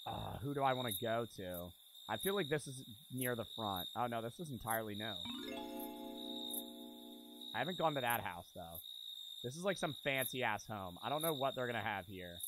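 A man's voice: medium pitch, expressive, moderate pace. A man giving casual gameplay commentary, joking, swearing freely and laughing at himself. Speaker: gaming streamer. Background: game music.

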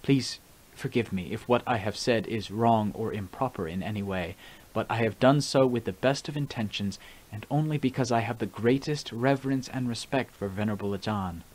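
A man's voice: on the low side, moderate pace, a little mellow, lightly acted. A man reading the part of a devoted monk who formally and earnestly pleads with his teacher, in an audiobook. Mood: earnest pleading.

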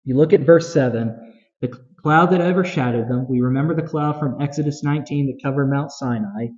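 A man's voice: medium pitch, brisk, darkish tone, dull audio. A man preaching a sermon as pastor, talking conversationally with frequent restarts and building emphasis.

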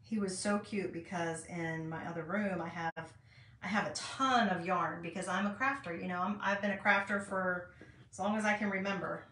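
A woman in her fifties hosts a craft channel, rambling and chatting to viewers as she works on a tutorial at home. Her fairly low voice is steady, bright and forceful at normal speed, picked up by a distant mic with roomy echo.

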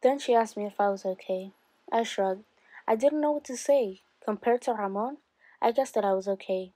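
Brief: woman, teacher, steady read-aloud of a novel, dry recording. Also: mid-range voice, moderate pace, no echo.

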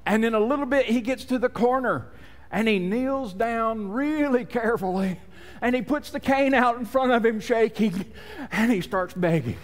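A man's voice: very high-pitched, moderate pace, long reverb tail. A man preaching a sermon as pastor, telling stories and acting out the people he quotes. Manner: storytelling preacher, acts out quotes. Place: church sanctuary.

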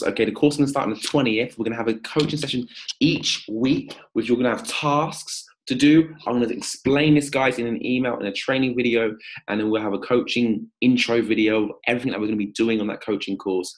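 A man hosting a live-stream coaching pitch, energetic and upbeat, calling out viewers by name. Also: fairly quick.

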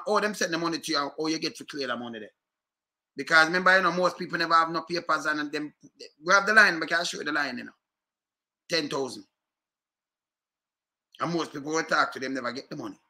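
A man's voice: a little high, pushed and bright. A man with a Jamaican accent ranting to his viewers, repeating himself and firing rhetorical questions. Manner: repetitive, fired-up, rhetorical questions. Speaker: commentator. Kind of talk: casual rant to viewers.

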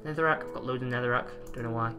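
A man's voice: mid-range voice, fairly even intonation, racing, over music. A man casually commentating his own gameplay, chatty and jokey, swearing now and then. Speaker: let's play host.

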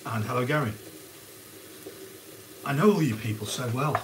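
A man's voice: medium pitch, normal speed, background noise. A man hosting a live cooking stream, chatting casually and greeting viewers by name as he cooks. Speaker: cooking livestream host. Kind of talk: casual live cookalong chat. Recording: frying sizzle behind the voice. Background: onions sizzling in a pan.

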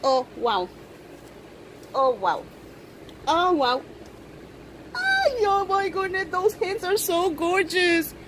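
Woman, unboxing vlog, high voice, big swooping pitch, slow gushing delivery. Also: background noise. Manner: gushing, excited, coos over the doll. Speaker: reborn doll collector vlogger. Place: indoors at home.

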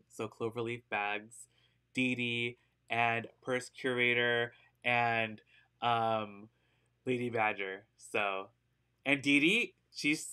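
This man hosts a casual live-stream sale of secondhand designer bags in a smooth, medium-pitched voice with a sharp tone. He's upbeat, dropping fillers as he chats, giggling a lot, and gushing about each purse.

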